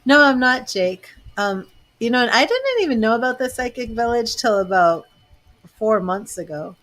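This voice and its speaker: Here a talkative middle-aged woman from Boston speaks at normal speed in a slightly high, very animated, fairly bright voice. She's a tarot reader and psychic host chatting casually with viewers during a livestream. Her talk rambles, punctuated by frequent laughter.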